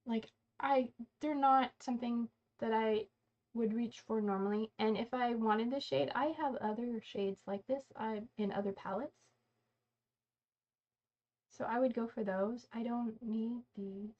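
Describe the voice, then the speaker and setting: A woman's voice: on the high side, fairly even intonation, measured pace, darkish tone. A woman hosting a casual makeup livestream, chatting and rambling as she works and often correcting herself mid-sentence. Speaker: beauty livestream host. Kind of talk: casual get-ready-with-me livestream chat. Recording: slightly dull lo-fi sound.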